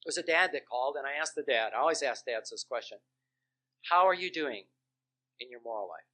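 A man who is a Christian minister and counselor preaches through testimonies, his mid-range voice animated, a little fast, pushed and bright. He tells his stories earnestly and stresses key words emphatically.

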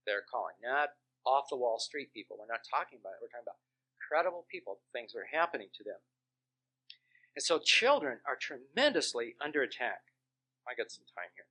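A man's voice: medium pitch, very animated, brisk, bright, forceful tone. A man who is a Christian minister and counselor, preaching with testimonies in an earnest storytelling way and leaning hard on key words. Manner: earnest storytelling with emphatic stresses.

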